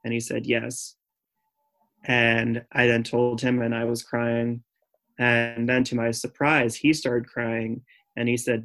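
A man's voice: medium pitch, flat delivery, takes it slowly, fairly bright tone. A man telling a personal story as a podcast guest, chatty and candid, with many "like" and "um" fillers. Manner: earnest and candid.

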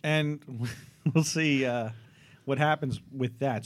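A man's voice: a little high, normal speed. A man hosting a radio show in a studio, joking and rambling with restarts.

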